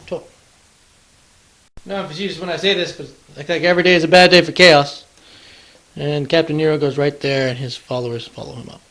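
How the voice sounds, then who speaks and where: A man's voice: on the high side, a bit bright, low-quality recording. A man hosting a tabletop wargame battle report, chatting casually through the play, counting dice aloud and throwing in playful taunts.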